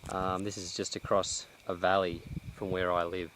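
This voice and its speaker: A man talks slowly and thoughtfully into a handheld camera while out walking, restarting his sentences often. His voice sits a little low, and he sounds slightly short of breath. Faint outdoor noise runs beneath him. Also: level tone. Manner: reflective, halting, many restarts and fillers. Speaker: vlogger. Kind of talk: casual vlog monologue. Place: outdoors in a cut-down pine plantation.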